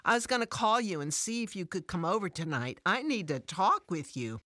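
A woman voicing an upset, defensive working mother who talks in an emotional, high-strung, pleading way. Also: very animated, normal speed, sharp tone, no room sound, clean studio sound.

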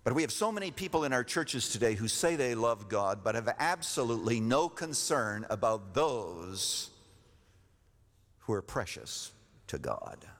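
A man preaching a sermon as pastor, emphatic, repeating his key phrases and rising in pitch to stress a point. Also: very animated, unhurried, fairly bright tone. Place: church sanctuary. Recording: long reverb of a church hall.

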